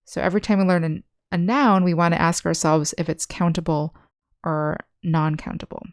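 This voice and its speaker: Patient, gravelly-voiced woman teaching English. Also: fairly low pitch, fairly even intonation, a little mellow, dry recording, studio quality. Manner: patient, explains slowly with examples. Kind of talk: online language lesson.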